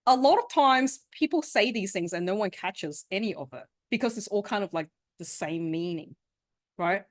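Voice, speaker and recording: Woman workshop coach, very expressive pitch, chatty, keeps asking "right?", over a video call. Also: moderate pace. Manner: animated, conversational, often asks "right?" and laughs. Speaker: sales and communication coach. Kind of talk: interactive online workshop teaching.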